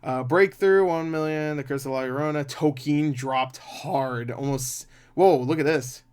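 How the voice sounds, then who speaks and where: A man's voice: fairly high pitch, a little slow, darkish tone, clear, resonant tone. Chatty, profane male movie reviewer. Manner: chatty, profane, laughs often. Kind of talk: casual box office commentary.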